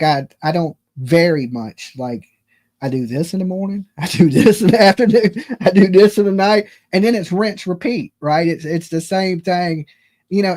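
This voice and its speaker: A man's voice: on the high side, a little mellow. Folksy man hosting a live call-in. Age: 50s. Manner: casual, folksy, reassuring. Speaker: live stream host.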